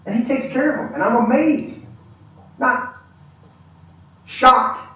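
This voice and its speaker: A man teaching a church leadership class, an animated storyteller who acts out quoted dialogue and restarts his sentences often. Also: very high voice, takes it slowly. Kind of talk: conversational sermon-style teaching. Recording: echoey hall, distant mic, dull lo-fi.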